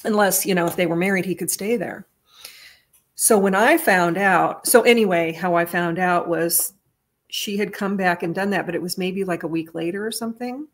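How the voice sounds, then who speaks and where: A woman with a fairly low voice tells a personal story in a casual monologue. She talks earnestly and rambles, restarting her sentences often, and her voice lifts whenever she reaches the emotional parts. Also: normal speed. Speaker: vlogger retelling a family story.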